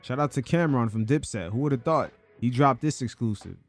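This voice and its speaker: A man's voice: mid-range voice, animated, brisk, faint music behind. A man hosting a podcast, giving casual, joking commentary on an interview clip. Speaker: podcast host.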